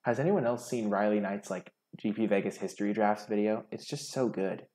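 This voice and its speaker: A man's voice: on the low side, a little fast, a little mellow. A young man giving casual, chatty commentary over a card game, thinking aloud and criticizing his own plays. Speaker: gaming streamer.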